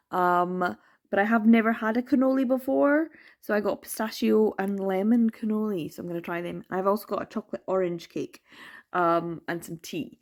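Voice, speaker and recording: A young woman from the Isle of Lewis with a Scottish Western Isles accent, chatting casually and reflectively in a reading vlog, often trailing off and restarting. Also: mid-range voice. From Isle of Lewis, Scotland. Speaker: book vlogger.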